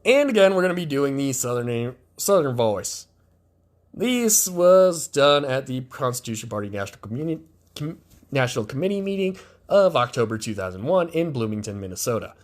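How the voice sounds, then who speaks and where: A man's voice: mid-range voice, sing-song, normal speed. A male podcast host giving sarcastic, profane political commentary.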